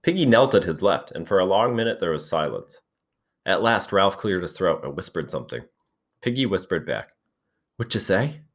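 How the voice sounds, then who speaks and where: A man with a very low voice narrates a novel aloud. He keeps a steady, measured pace as a teacher reading to a class.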